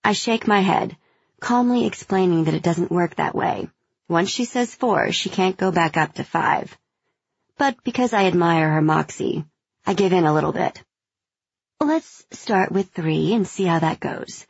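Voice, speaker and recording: A woman narrating a first-person audiobook in a measured, gentle storytelling manner. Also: on the low side, vocal fry, slightly rough, no room sound, highs cut off.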